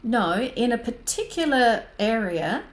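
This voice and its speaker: A woman co-hosting a casual, reflective chat who speaks softly, affirms often and leans on "you know". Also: a little high, very animated, unhurried. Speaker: podcast co-host. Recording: echoey room.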